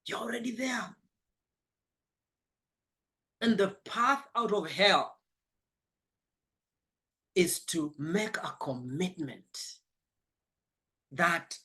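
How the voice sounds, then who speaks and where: Slow, emphatic male life coach. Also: high-pitched, fairly bright tone. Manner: emphatic, repeats key phrases, spiritual. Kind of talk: motivational coaching talk.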